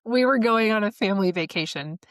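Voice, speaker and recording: A woman in her forties hosts a solo podcast, telling her story candidly with plenty of profanity, laughing often as she speaks and flaring into heated outbursts. Her mid-range voice is expressive and a little fast, recorded on a studio mic with clean, echo-free sound.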